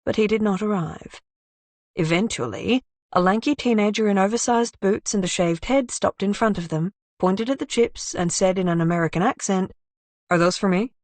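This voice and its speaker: A woman narrates a mystery thriller audiobook in a steady, measured voice. Her pitch sits in the middle register, and the sound is close and fully dry, with no room at all. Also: dry recording. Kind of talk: scripted narration.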